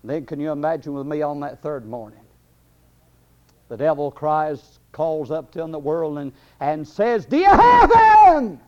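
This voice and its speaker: Impassioned preacher man, high voice. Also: fairly even intonation, unhurried, warm tone. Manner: impassioned preaching with many fillers. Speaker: pastor. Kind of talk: sermon. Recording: dull lo-fi recording.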